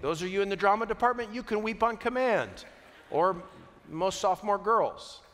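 A man preaching a sermon, earnest and unhurried, moving from quiet reflection to emphatic peaks with joking asides. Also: high-pitched, animated, slight background noise. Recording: long hall reverb.

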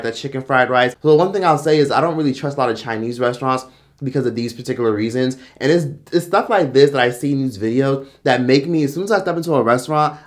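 A man rants through vlog commentary, blunt and full of profanity. His voice sits at an everyday middle pitch. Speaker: commentary vlogger. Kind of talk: opinionated commentary.

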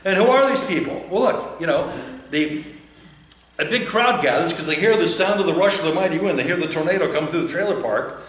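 A man's voice: a little high, lively intonation, a little fast, fairly bright tone, slight background noise. A male pastor giving a chatty, joking sermon, often putting questions to the listeners. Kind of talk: conversational sermon. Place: church. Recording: very echoey church.

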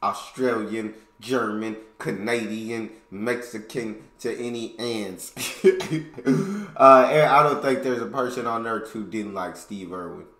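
A man's voice: fairly low pitch, unhurried, a bit bright. An American man hosting a reaction video, chatting casually and laughing along. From United States. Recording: roomy echoey room.

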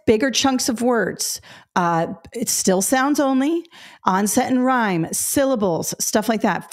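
A middle-aged woman teaching a test-prep webinar, explaining step by step, correcting herself and talking straight to viewers. Her throat is a little dry. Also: on the high side. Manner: explanatory, self-correcting, addresses viewers directly. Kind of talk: webinar lesson.

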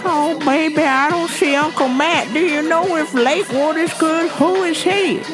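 A woman's voice: high-pitched, normal speed, over music, voice pushed up, close to an everyday voice. Woman putting on a drawling stoned old granny. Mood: confused. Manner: drawling, calls everyone baby. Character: stoned old grandmother, sweet and judgy.

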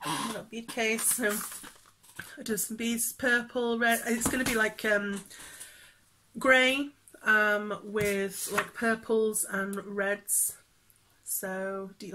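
A woman's voice: on the high side, noisy background. A woman chatting casually in a cross-stitch vlog, rambling with many fillers and frequent laughs. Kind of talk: casual chat showing stitching projects.

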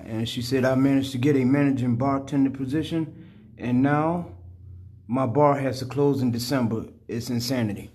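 A man's voice: mid-range voice, steady tone, normal speed, a little mellow. A man on a podcast reading listener comments out plainly.

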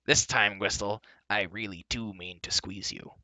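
A man doing a gruff blunt dwarf. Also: on the low side, steady tone, a little slow, sharp tone, no room sound.

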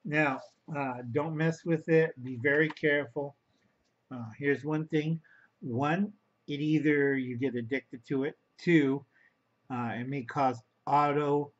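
A man's voice: on the high side, steady tone, unhurried, dull audio. A man rambling through a home video monologue, talking to his viewers as boys and girls and calling himself by name in the third person. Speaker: vlogger.

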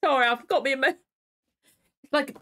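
A woman hosting a reaction video, chatting casually, excitable, swearing freely and getting emotional. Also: high-pitched, a little slow.

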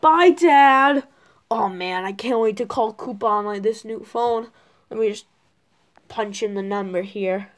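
A woman's voice: fairly high pitch, measured pace, lightly acted. A woman voicing a spoiled, whiny young male turtle prince who pleads and gushes in a homemade toy skit. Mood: eager.

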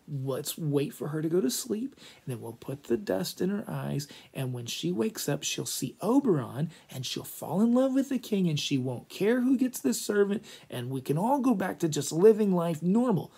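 Weary fairy servants, as a man puts them on, chatting in an exasperated, slightly raised voice. The tone is gravelly and husky. They sound like plotting comic storybook sidekicks. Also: high-pitched, very animated, normal speed, few pauses, dark tone, exaggerated voice. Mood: scheming. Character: fed-up gossipy fairy servants.

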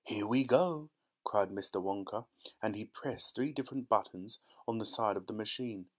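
A man narrating a children's novel as an audiobook, in a lively, expressive storytelling manner. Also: on the low side, moderate pace.

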